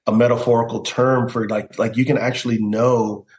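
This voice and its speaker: A man's voice: medium pitch, flat delivery, moderate pace, a little mellow, reverberant. A middle-aged man, a pastor and guest, telling a personal testimony in an earnest storytelling way and acting out the voices he quotes. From United States.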